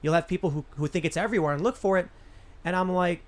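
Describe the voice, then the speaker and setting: A man's voice: high voice, quick pace. A man hosting a casual panel discussion in a podcast studio. He tells long, rambling anecdotes and often restarts his sentences. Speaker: show host.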